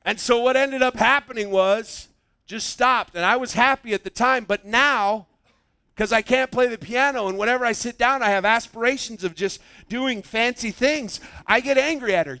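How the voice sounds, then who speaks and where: A man preaching a sermon, telling a story with lively acted-out quotes. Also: extremely high pitch, moderate pace, clean tone, no echo. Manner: animated storytelling, acts out quoted voices. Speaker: pastor.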